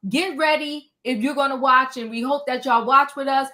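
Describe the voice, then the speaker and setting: A woman co-hosting a casual recap podcast, gossipy and animated, acting out what others said. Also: sits high, normal speed. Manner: animated, gossipy, acts out quotes. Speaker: podcast co-host recapping a reality show. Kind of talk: casual chat.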